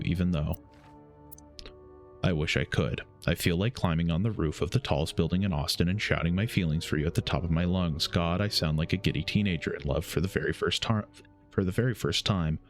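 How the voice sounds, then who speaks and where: Deep-voiced man reading game letters. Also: faint music behind. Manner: reads slowly, stumbles and self-corrects. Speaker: gaming streamer.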